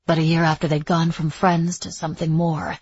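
A woman narrating a novel in a steady, even-toned storytelling manner, with a husky voice. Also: low voice, brisk, dry recording. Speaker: audiobook narrator. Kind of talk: scripted narration. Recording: dry, slightly dull lo-fi recording.

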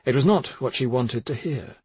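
A man narrating a thriller in a measured, subdued reading. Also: mid-range voice, expressive, a little mellow, slightly rough, no echo. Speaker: audiobook narrator.

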